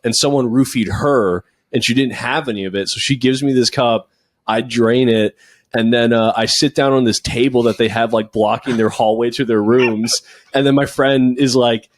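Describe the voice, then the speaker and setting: A man's voice: mid-range voice, steady tone, brisk. A young man, a podcast co-host, telling a rambling party story in casual chat and laughing as he goes. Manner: rambling, laughs through his own story.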